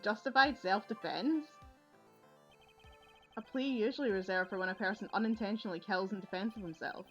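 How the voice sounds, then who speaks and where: A woman's voice: medium pitch, a little fast, lo-fi sound, soft background music, lightly acted. A woman reading the lines of an earnest young male defense attorney in a video game. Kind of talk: reading game dialogue aloud.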